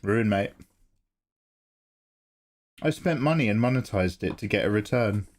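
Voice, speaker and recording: A man's voice: fairly low pitch, lively intonation, unhurried. A man chatting casually on a live drawing stream, joking and self-mocking. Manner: joking, laughs between lines, self-mocking.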